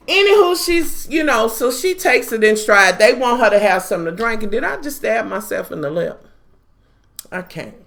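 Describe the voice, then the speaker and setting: A woman's voice: high voice, expressive, moderate pace, fairly bright tone. A woman giving a blunt, profane, sassy recap of a reality TV episode. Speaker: TV recap vlogger. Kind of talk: casual reality-TV review.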